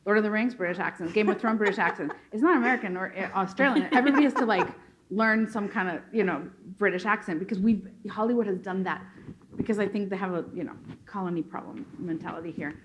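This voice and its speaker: A woman's voice: mid-range voice, fast talker, background noise. Chatty, laughing woman on a panel. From Mexico. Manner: animated, laughing, many fillers and restarts. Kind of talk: casual panel discussion.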